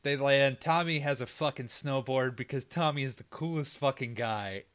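A man's voice: mid-range voice, normal speed, a bit bright, clean tone. A man co-hosting a casual movie podcast, rambling and swearing freely as he recaps the plot. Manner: swearing, laughing, loose rambling. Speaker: podcast co-host.

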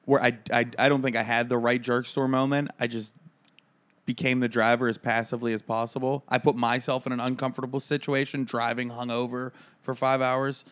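A man in his own casual podcast chat, telling stories in an animated way. He stammers and restarts often and jumps up for quoted lines. His voice sits in a middle register for a man. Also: mid-range voice, fairly quick, clean tone. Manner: animated storyteller, acts out quotes loudly. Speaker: podcast co-host.

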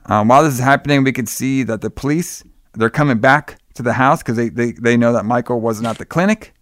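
Brief: male podcast co-host, smooth and dry-miked, loose and profane, filler-heavy. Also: medium pitch, a little fast, fairly bright tone, dry recording. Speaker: podcast co-host recapping a film. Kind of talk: casual chat.

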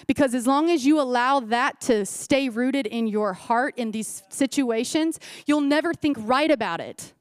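A woman pastor's high, bright voice carries a sermon at a slightly slow pace with hardly any pauses, pressing her message through repetition and rhetorical questions to the congregation. Recorded at a church service, the tone is clean, close, and dry, with little echo.

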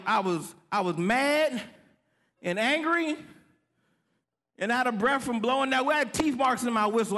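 A man preaching a sermon, telling a story with animated delivery and acting out the voices of others. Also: very high-pitched.

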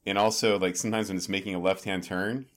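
A man's voice: low voice, fast. A man co-hosting a podcast, chatting casually and telling anecdotes with playful mock quotes. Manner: storytelling, animated asides and mock quotes. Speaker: podcast co-host. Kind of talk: casual chat.

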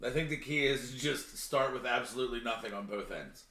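A man's voice: mid-range voice, fairly quick, sharp tone. A man in casual podcast chat, making dry, wisecracking remarks. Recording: roomy echo.

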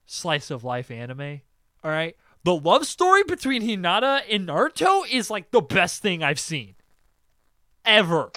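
A man hosting a podcast in casual chat, excitable and profane, laughing often. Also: high-pitched, takes it slowly, pauses often, no echo, clean studio sound. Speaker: podcast host.

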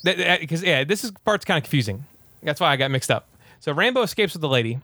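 A man casually retelling a movie plot in a rambling, animated way, full of fillers. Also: fairly high pitch, fast, no echo.

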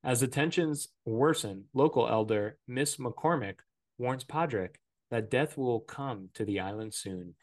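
A man's voice: medium pitch, a little slow, a little mellow. Joking, rambling man recapping a film. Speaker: podcast host. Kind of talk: casual movie-review chat.

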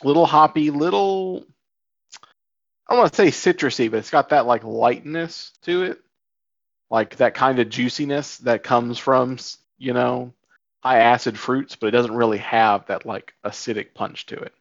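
A man's voice: medium pitch, measured pace, no room sound. A man co-hosting a casual podcast, talking in an easygoing way. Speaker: podcast co-host. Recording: dry, slightly dull sound.

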